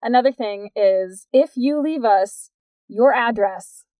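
A woman's voice: fairly high pitch, slow pace, dark tone, dry recording. A woman co-hosting a podcast in casual chat, bubbly and laughing often. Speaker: podcast co-host.

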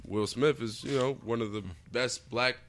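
A man co-hosting a casual drinking podcast, talking in loose, profane, animated banter. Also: mid-range voice, moderate pace. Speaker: podcast co-host. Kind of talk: casual chat.

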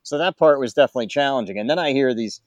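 Relaxed male guest, chuckles while retelling, dry close sound. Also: medium pitch, rapid-fire, no echo. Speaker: documentary cameraman guest. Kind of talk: casual interview storytelling.

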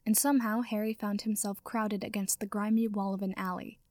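A woman's voice: mid-range voice, moderate pace, few pauses, no room sound. Woman narrating fan fiction, dry close sound. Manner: casual intro, then steady narration. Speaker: audio fiction reader. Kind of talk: reading fan fiction aloud.

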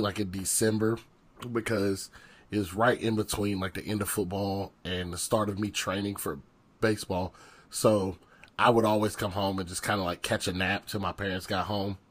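A young man telling lively stories on a podcast, laughing often and acting out the lines he quotes. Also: fairly low pitch, moderate pace. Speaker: podcast co-host, former football and baseball player. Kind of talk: casual podcast storytelling.

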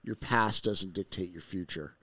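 A man's voice: sits low, normal speed, sharp tone, breathy edge, no echo. A man on a podcast, casually telling how he and his partner built their business, rambling and emphatic. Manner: rambling, emphatic, restarts often. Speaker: podcast guest, business co-founder. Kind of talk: casual conversation.

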